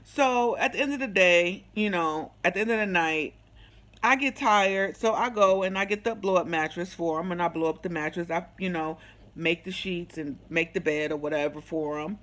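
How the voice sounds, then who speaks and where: A woman's voice: lowish voice, normal speed. A woman vlogging about something that happened to her, talking in loose, slangy everyday speech. She tells it animatedly and slips into the other people's lines as she recounts the conversation. It is casual, straight-to-camera storytelling. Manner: animated, slangy, acts out the quoted dialogue. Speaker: vlogger sharing a personal testimony.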